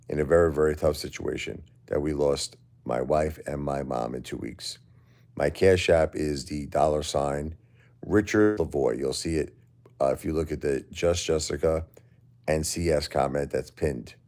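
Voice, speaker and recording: A grieving middle-aged man hosting a casual livestream, weary and emotionally drained, talking to viewers with halting, repeated words. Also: a bass voice, fairly even intonation, a little mellow. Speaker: livestream host.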